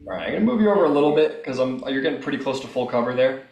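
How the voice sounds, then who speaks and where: Animated man running a tabletop game. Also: medium pitch, rapid-fire. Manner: scattered, apologetic, thinking aloud. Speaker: game master. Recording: roomy mic with faint noise.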